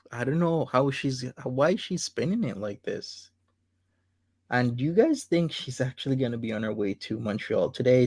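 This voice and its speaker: A man's voice: mid-range voice, darkish tone, no echo. A man hosting a casual live-stream chat, his voice sitting in a mid range for a man. He asks his guests loose questions in an easygoing way, close to the mic in a dry, dead room. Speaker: host of a live commentary show.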